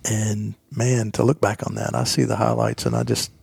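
A gravelly man in his fifties talks as a podcast guest, earnest and a little rambling, circling back over his own words. His voice is rough and breathy, and it sits close and dry with no room sound. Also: fairly low pitch, steady tone, moderate pace, darkish tone, no room sound. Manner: earnest, rambling, repeats himself. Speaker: podcast guest, golf professional. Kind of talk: casual interview storytelling.

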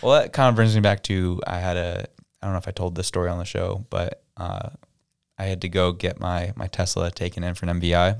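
A man co-hosts a relaxed podcast chat, with a deep voice that is smooth and has a gravelly edge. He tells stories and acts out the people in them. The sound is close and dry. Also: fairly quick, no room sound. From Canada. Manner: storytelling, acts out quoted people. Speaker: podcast co-host. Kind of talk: casual chat.

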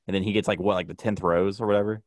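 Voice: sits low, fairly even intonation, very fast, darkish tone. A podcast co-host in casual chat about a TV show, laid-back and teasing.

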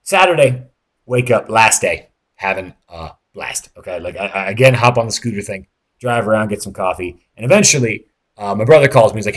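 A man in his late thirties, a podcast host, telling a rambling, excitable story with lots of fillers, restarts and swearing. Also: fairly low pitch, brisk. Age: late 30s. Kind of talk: casual storytelling monologue.

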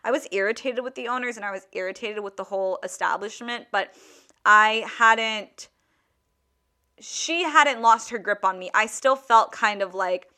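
A woman in her twenties hosting a podcast, telling a story in a casual, animated way with lots of "like". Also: medium pitch, moderate pace. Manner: chatty, heavy use of "like", animated retelling. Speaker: podcast host.

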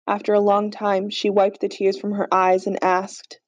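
A woman reading a storybook aloud in a steady, earnest way, on a slightly dull, lo-fi recording. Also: mid-range voice, moderate pace, hardly any pauses, no echo. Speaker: audiobook reader. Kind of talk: storybook narration.

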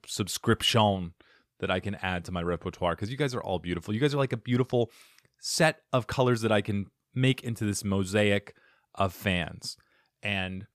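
Man, podcast host, goofy playful banter, low voice, dry close sound. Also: fairly bright tone, clean tone, dry recording. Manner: playful, goofy, jumps into silly bits. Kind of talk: casual podcast chat and outro.

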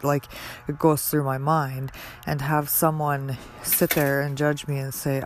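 Woman podcast host, earnest, halting, even-toned personal monologue. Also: extremely low pitch, a little hiss or hum. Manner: earnest, halting, many pauses and fillers.

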